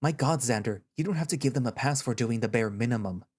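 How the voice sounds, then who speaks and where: A man voicing a gentle, caring male therapist who speaks in a soft, reassuring, patient way in an audio story reading. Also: mid-range voice, fast talker, breathy edge, close to an everyday voice. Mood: earnest.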